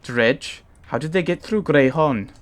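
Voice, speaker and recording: A man voicing a gruff giant warrior with a put-on Welsh accent while reading a game's dialogue. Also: on the high side, lively intonation, measured pace, voice pushed up. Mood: urgent.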